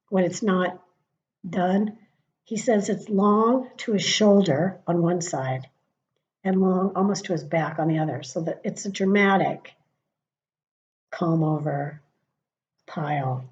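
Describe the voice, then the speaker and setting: A woman's voice: fairly low pitch, takes it slowly, long pauses, darkish tone. A middle-aged woman ranting on her vlog in a chatty, profane way, often dropping into muttered asides. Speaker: vlogger. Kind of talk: casual political rant. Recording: dull lo-fi sound.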